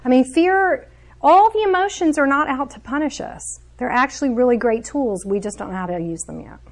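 A middle-aged woman coach giving a lively, conversational teaching talk to a group, often laughing as she explains. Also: high-pitched, fairly quick. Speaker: emotional coach.

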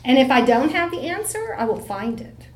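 Animated woman speaker in an echoey room. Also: sits high, normal speed, a crowd in the background. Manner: animated storyteller, acts out voices in quotes. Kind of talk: motivational talk to a live audience.

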